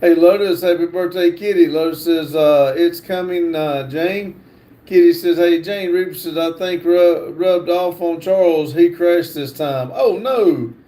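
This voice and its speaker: A man hosting a livestream, reading chat comments aloud in a halting way with fillers and restarts. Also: fairly high pitch, mellow. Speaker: livestream host.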